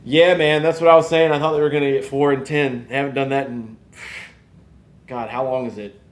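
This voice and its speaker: A man, hosting a casual live podcast and rambling in an animated way. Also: mid-range voice, fairly quick, reverberant. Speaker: podcast host. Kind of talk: casual live-stream chat.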